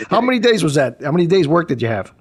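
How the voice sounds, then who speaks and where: A man hosting an interview show, asking questions in a halting way with many restarts and laughing along with his guest. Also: a little high, husky. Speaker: podcast host. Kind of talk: interview questions, casual chat.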